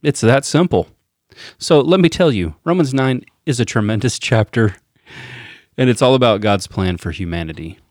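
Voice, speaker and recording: A man's voice: medium pitch, animated, moderate pace, a little mellow, dry recording, clean studio sound, natural voice. A man doing a bragging politician preaching. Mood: boastful. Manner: bragging, repetitive, rally-style cadence. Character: boastful male politician preaching a sermon.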